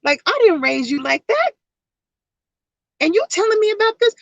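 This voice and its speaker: A woman voicing her stern old great-grandmother, who scolds in shrill, incredulous outbursts. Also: big pitch swings, moderate pace, a bit bright, dry recording, lo-fi sound, full character voice. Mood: incredulous scolding.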